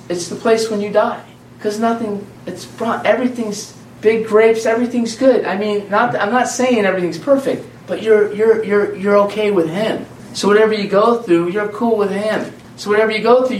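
Heard from a distance in an echoey room with slight background noise, a high-voiced man gives a conversational, informal sermon to his congregation. He keeps repeating phrases and restarting his sentences.

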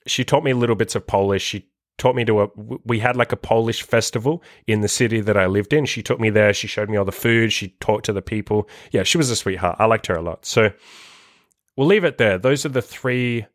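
A man's voice: lowish voice, fairly quick, no room sound, clean studio sound. Profane young man telling a story. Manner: loose, profane, many fillers and restarts. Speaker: dating coach. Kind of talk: casual storytelling monologue.

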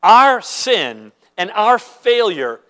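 A man's voice: sits high, very animated, extremely slow, sharp tone, poor audio. A man preaching a sermon as a pastor, earnest and conversational, telling everyday stories to make his point.

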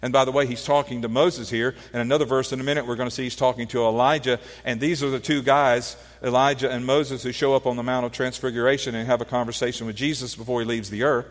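A pastor delivers an earnest teaching sermon, posing questions to his listeners and restarting phrases as he works through his points. His voice sits at an ordinary male pitch and carries a long reverb from a church hall. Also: steady tone, fast, few pauses.

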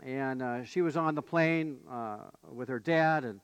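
A man's voice: mid-range voice, measured pace, clear, resonant tone, no room sound, dull audio. A man preaching a sermon as pastor, telling stories and building to emphatic questions. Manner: storytelling, rising to emphatic questions.

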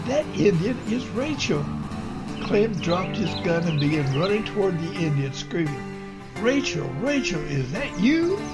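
A man narrating a storybook tale in an earnest, homespun reading voice with small slips. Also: on the high side. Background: music.

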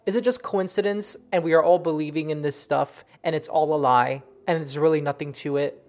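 Low-voiced, excitable woman medium. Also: fairly quick. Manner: animated and excitable, many fillers and restarts. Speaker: psychic medium recounting readings. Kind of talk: casual monologue.

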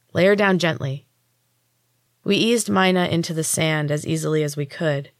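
A woman narrating a story in the first person, in an even, measured reading as a podcast host. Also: low-pitched, no echo, studio quality.

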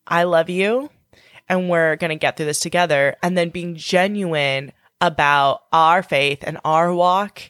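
A woman's voice: low voice, steady tone, a little slow, few pauses, a bit bright, smooth, no room sound, clean studio sound. A woman in her thirties co-hosting a faith podcast, talking in an earnest, heartfelt and encouraging way. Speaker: podcast co-host.

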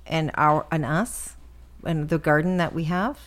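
A woman's voice: low voice, steady tone, a little slow, a little hiss or hum. A middle-aged woman co-hosting a casual chat with her daughter, encouraging and enthusiastic. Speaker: co-host, mother.

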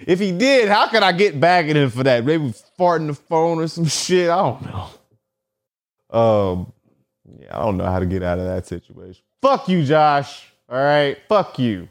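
Animated, swearing male podcast host. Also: on the high side, moderate pace. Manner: profane, animated storytelling with lots of filler and repetition. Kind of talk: solo comedic monologue.

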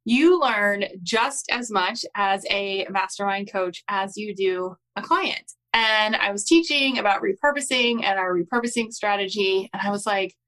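A woman hosting a motivational podcast as a business coach, talking in an excitable, bubbly way with lots of "like" fillers and frequent laughs. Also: medium pitch, a little slow, few pauses. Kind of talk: casual motivational pep talk.

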